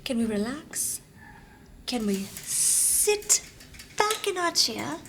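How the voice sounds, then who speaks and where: A woman putting on a pompous film director who speaks in a high, sugary, put-on voice. She talks down to everyone in hushed, over-sweet tones. It sounds like a comedy film scene, with faint noise behind. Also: big pitch swings, slow pace, exaggerated voice. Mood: patronizing.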